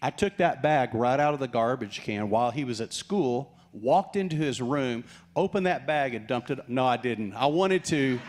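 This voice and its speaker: A middle-aged man preaches a sermon from the pulpit, at a middle pitch. He tells stories with a light, joking touch and acts out the voices of the people in them. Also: moderate pace. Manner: animated storytelling, acts out quoted voices with humor. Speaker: pastor.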